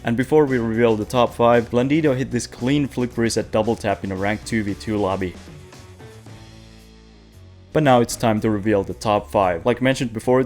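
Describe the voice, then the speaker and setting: A young man with a lowish, somewhat dark voice hosts a casual gaming news roundup away from home. Talking into a webcam, he's playful and jokey, often poking fun at himself.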